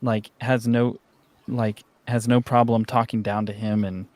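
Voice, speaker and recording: A man's voice: medium pitch, little pitch movement, measured pace, background noise. Filler-heavy American man hosting. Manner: filler-heavy, steers the conversation. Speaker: podcast host. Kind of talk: casual chat.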